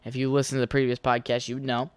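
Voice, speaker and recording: A man's voice: medium pitch, monotone, very fast, smooth, no echo, clean studio sound. A young man hosting a casual solo podcast, rambling and swearing freely as he tells stories. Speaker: podcast host.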